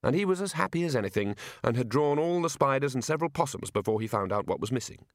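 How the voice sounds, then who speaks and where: Lively male audiobook narrator. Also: medium pitch, quick pace, dry recording, studio quality. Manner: expressive, wry storytelling. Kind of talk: scripted narration.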